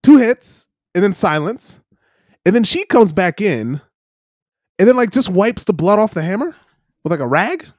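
A man co-hosting a casual talk show, telling stories in a lively way, acting out the voices he quotes and checking in with "right?". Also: sits high, normal speed, long pauses, no echo, clean studio sound. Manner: animated storyteller, acts out quoted voices, many "right?" tags. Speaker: podcast co-host. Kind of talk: casual chat, storytelling. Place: lives in New Zealand.

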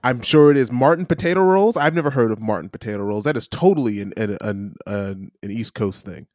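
A man's voice: fairly low pitch, expressive, brisk, darkish tone, dry recording. Joking man on a dry close mic. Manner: joking, teasing, stumbles and repeats words. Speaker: podcast co-host. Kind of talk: casual chat.

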